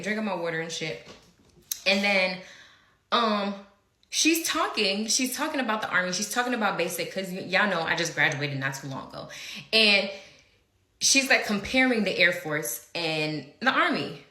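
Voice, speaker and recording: A woman's voice: medium pitch, bright, forceful tone, reverberant. A young woman telling a story in a casual way, blunt and profane, laughing often and acting out what others said.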